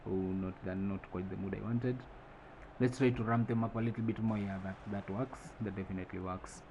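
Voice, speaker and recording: A man narrating his football management game, thinking aloud through decisions and breaking into excited play-by-play calls at goals. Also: fairly low pitch, fairly quick, highs cut off, slight background noise. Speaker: gaming channel host.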